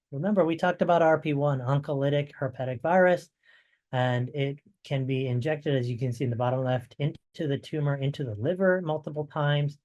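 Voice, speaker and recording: A man's voice: medium pitch, a little mellow. A man presenting research updates in a webinar, conversational and fond of rhetorical asides, while losing his voice.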